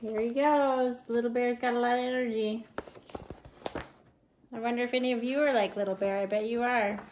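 High-voiced woman reading to kids. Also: fairly even intonation, normal speed, darkish tone, slight background noise, poor audio. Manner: chatty asides to young listeners. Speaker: storyteller. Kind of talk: reading a picture book aloud to children.

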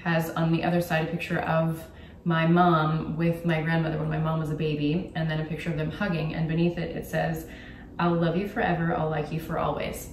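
A woman's voice: low-pitched, little pitch movement, brisk, distant mic, a little hiss or hum. Young woman YouTuber, chatty gift-guide vlog, echoey room, faint background ambience. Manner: chatty, candid, with frequent ums. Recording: roomy echo, from off the mic.

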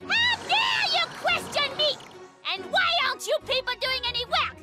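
A woman's voice: very high-pitched, big pitch swings, normal speed. A woman voicing a spoiled, vain teenage girl who talks in a bossy, demanding way. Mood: imperious. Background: cartoon music score.

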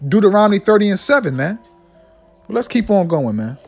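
A man preaching a fiery sermon, ending nearly every line with "man" and slowing down to read scripture solemnly. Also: high-pitched, very animated, gravelly, soft background music. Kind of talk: fiery street-style sermon with scripture readings.

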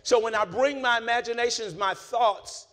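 A man preaching a sermon as pastor, pulling the congregation into call-and-response and swinging between low, quiet talk and shouting. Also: normal speed.

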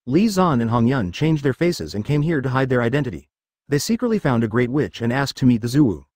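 A man narrating a web novel aloud in an even, machine-like reading. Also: mid-range voice, a little fast, no echo, studio quality. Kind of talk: text-to-speech novel reading.

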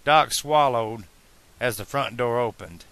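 A man narrating a fan-made audiobook in a slow, deliberate reading style. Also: mid-range voice, fairly bright tone.

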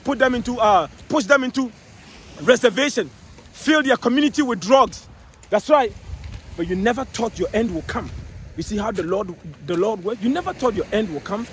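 A man preaching in the street, emphatic and repetitive, reading scripture slowly and calling out to listeners. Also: high-pitched, expressive, slight background noise. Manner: emphatic, repeats phrases, reads scripture slowly, calls out "eh?".

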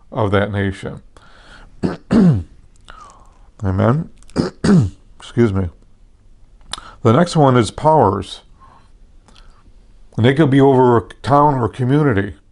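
With a medium-pitched, slightly mellow voice, this pastor delivers his sermon like a conversation. He repeatedly checks in with "amen?" and "okay?", stopping and self-correcting many times.

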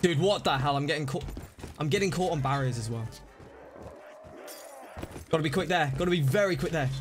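A man streaming a zombie game live, reacting excitably, scolding himself and thanking donors. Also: on the high side, a little fast. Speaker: livestreamer. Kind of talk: live gameplay commentary. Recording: music playing behind voice. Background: game music and gunfire.

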